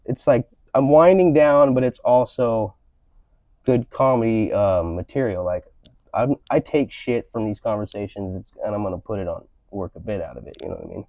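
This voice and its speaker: Podcast host, man, profane and rambling, warm low-key tone, dry lo-fi sound. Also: normal speed, no echo. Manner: profane, rambling ranting delivery. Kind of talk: casual podcast chat. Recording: slightly dull lo-fi audio.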